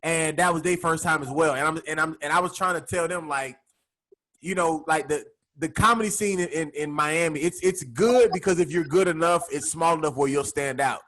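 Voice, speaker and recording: Rambling comedian on a video call. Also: male voice, a little high, normal speed, a bit bright, rough recording. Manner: rambling, restarts often, says "you know what I'm saying". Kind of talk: casual chat on a live video podcast.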